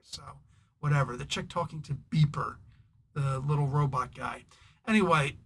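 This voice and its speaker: A man hosting a comic book review, rambling in a casual, irritated way with sarcastic asides and frequent throat clearing. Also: on the high side, a bit bright.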